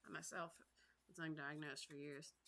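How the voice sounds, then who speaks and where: A woman's voice: low-pitched, steady tone, normal speed, bright, forceful tone. Chatty woman teacher reading a storybook. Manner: casual, chatty, explains words to learners. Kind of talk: storybook read-aloud with chatty commentary.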